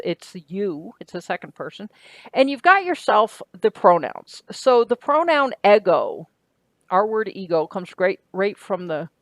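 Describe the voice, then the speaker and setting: A woman at medium pitch delivers a recorded grammar lecture as a Greek grammar teacher, captured dry. Her explanations go step by step, with an occasional "right?" and self-corrections as she proceeds.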